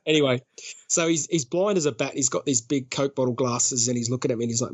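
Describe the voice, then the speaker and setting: An Australian man talks casually as a podcast guest, at a mid pitch, and tells his story with energy. He acts out other people's lines in quick bursts and laughs often. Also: steady tone.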